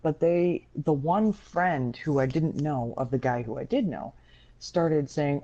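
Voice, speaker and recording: A woman's voice: sits low, a little slow, warm tone. A woman telling a story in casual podcast chat, candid and blunt, with plenty of swearing. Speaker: podcast co-host. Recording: dull lo-fi sound.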